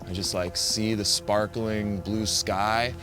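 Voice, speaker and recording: A man's voice: lowish voice, level tone, slow pace, music in the background. A man, a big-wave surfer, telling a personal story casually, rambling with lots of "like" and restarting his sentences.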